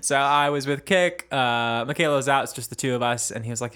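A man's voice: medium pitch, quick pace, few pauses, fairly bright tone. A man co-hosting a podcast, chatting casually with crude humor and frequent laughs. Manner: playful, crude, laughing often. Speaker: podcast co-host. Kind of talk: casual chat.

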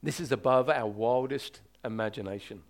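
A man preaching a sermon as pastor, emphatic and urgent, slowing to draw out key words for weight. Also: mid-range voice.

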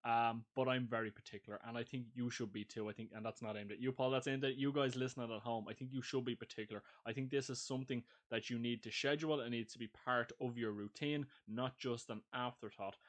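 A man's voice: mid-range voice, steady tone, fast talker, hardly any pauses. A man co-hosting a podcast, explaining things in a chatty, easygoing way and laughing easily. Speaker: podcast co-host. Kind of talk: casual podcast chat.

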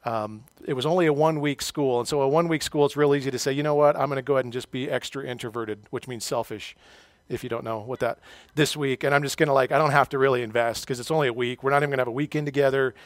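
A man's voice: mid-range voice, steady tone, quick pace, dry recording. A middle-aged male pastor preaching a sermon, telling a personal story with self-deprecating humor.

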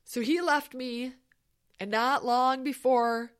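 A woman with a high voice recounts a personal story, animated and emphatic. She talks conversationally, with casual asides to the listener. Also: slow pace, clean tone.

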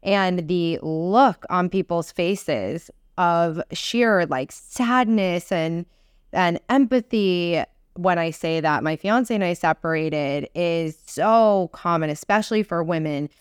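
Woman in her 30s, podcast host with a smooth, lowish voice, earnest and encouraging, dry close-mic sound. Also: no room sound. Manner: earnest, encouraging, slows down for emphasis. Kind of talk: solo self-help podcast monologue.

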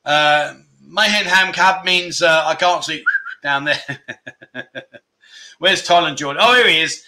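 A man hosting a casual livestream chat, reading out viewer comments and teasing them in a playful, excitable way. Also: on the high side, a little slow, slight background noise. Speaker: livestream host. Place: Pattaya, Thailand.

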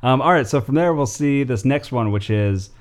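A man's voice: mid-range voice, expressive, normal speed. A man co-hosting a casual podcast, loose and chatty, laughing easily between lots of ums. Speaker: podcast co-host presenting segments. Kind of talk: casual chat.

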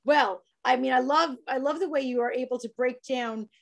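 A woman's voice: high-pitched, normal speed, gravelly. A woman with a New York accent hosting an interview, chatty and encouraging with her guest. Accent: American. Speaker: interview host. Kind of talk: casual interview chat.

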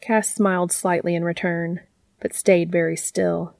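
A woman with a lowish voice narrates a story in a calm, even audiobook reading. The sound is dry and close to the mic, with no room around it. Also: measured pace, creaky, no echo. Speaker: fanfiction reader.

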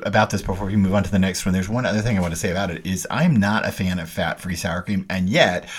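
Lively low-voiced man, husky podcast co-host. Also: fast. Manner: chatty, laughs often, playful asides. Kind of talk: casual chat.

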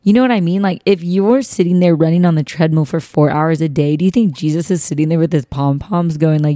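A woman's voice: sits low, fast, hardly any pauses, warm tone, dry recording, clean studio sound. A woman hosting a faith-based podcast, chatting casually and animatedly. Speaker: podcast host.

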